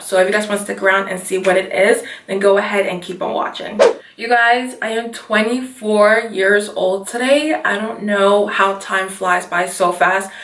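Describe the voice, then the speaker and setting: A woman's voice: mid-range voice, a bit bright, reverberant, far from the mic. A woman in her twenties, from Nigeria, talking casually and rambling through a get ready with me vlog. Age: 20s. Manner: casual, rambling, keeps saying you guys. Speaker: beauty vlogger.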